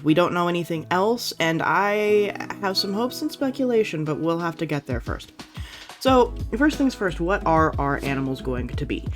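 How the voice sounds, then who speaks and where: A friendly gaming commentator chats through a new content pack in an easygoing, rambling way, full of fillers and self-corrections. The delivery is upbeat and enthusiastic, with faint music running quietly in the background. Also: mid-range voice. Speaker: gaming YouTuber. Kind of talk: casual reaction commentary.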